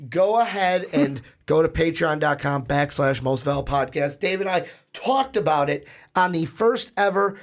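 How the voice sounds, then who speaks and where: A man with a hoarse, raspy voice from shouting, hosting a casual sports podcast and rambling through plugs and asides. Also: on the high side, lively intonation, unhurried, few pauses. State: hoarse, lost voice. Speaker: podcast host.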